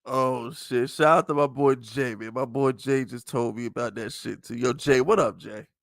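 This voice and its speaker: A man hosting a casual livestream sports chat, animated and profane, laughing often. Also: mid-range voice, moderate pace, no room sound. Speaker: podcast host.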